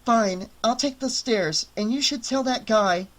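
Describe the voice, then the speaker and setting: A man's voice: extremely high pitch, a little slow, fairly bright tone, pitched above the performer's own voice. A man reading an audiobook, voicing an anxious, persistent young woman in a raised, pressing voice. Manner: urgent, pressing questions.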